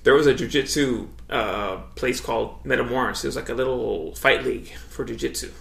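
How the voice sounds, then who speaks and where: A man's voice: medium pitch, brisk, creaky, a bit bright. A young man co-hosting a podcast in casual chat, laid-back, swearing freely and saying "dude" all the time. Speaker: podcast co-host. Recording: echoey room.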